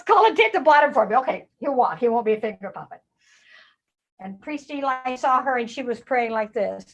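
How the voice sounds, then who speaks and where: An older woman telling a Bible story to children in a lively way, often asking them questions. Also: high-pitched, highs cut off. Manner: animated, asks children questions.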